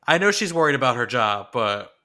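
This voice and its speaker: A man co-hosting a podcast who chats casually and muses about favorite scenes, trailing off into quiet asides. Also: medium pitch, sing-song, brisk. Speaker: podcast co-host. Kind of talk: casual chat.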